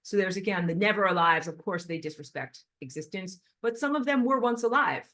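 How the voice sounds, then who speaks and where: A woman spiritual teacher walks on a treadmill while delivering an impassioned lecture, blunt, emphatic and agitated. Her medium-pitched voice has lively intonation and a fairly bright tone, and she talks fairly quickly.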